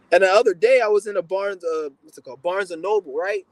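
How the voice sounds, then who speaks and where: A young man with a slightly high voice rants bluntly through a casual livestream chat. He tells rambling, profane stories and stumbles over his words as he restarts. The sound is dry and close, with no room echo. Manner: stammering restarts. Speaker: livestream host answering questions.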